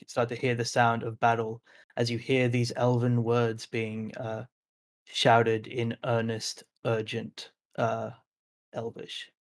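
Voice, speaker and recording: Male game master, flat even delivery, filler-heavy descriptive narration. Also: mid-range voice. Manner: descriptive, hesitant, with frequent fillers.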